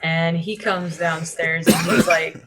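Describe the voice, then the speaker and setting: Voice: mid-range voice, steady tone, unhurried, fairly bright tone, soft background music, low-quality recording. Rambling game master narrating. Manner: rambling, many fillers like "like". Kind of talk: narrating a tabletop game over voice chat.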